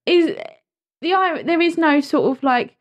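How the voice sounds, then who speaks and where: A woman co-hosting a podcast, chatting casually in a giggly, halting way full of fillers. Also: high-pitched. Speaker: podcast co-host. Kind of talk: casual chat.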